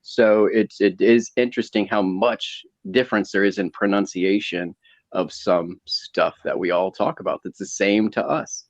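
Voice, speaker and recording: A man's voice: lowish voice, fairly even intonation, moderate pace, dull audio. A man with a slight Southern US twang hosting a casual live panel chat, rambling with frequent restarts. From American South. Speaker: livestream panel host.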